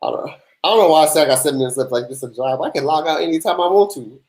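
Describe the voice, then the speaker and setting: A man's voice: a little high, rapid-fire, a little mellow. A young man, hosting a casual tax Q&A livestream, laid-back and sleepy, chatting with viewers between answers. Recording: echoey room.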